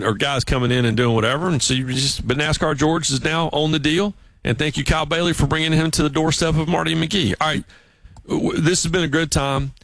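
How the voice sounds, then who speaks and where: A man from South Carolina with a Southern accent, hosting a radio sports show and telling stories in a lively, animated way. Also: fairly high pitch, no room sound. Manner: animated storyteller, mimics voices. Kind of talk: casual radio chat and storytelling. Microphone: studio mic.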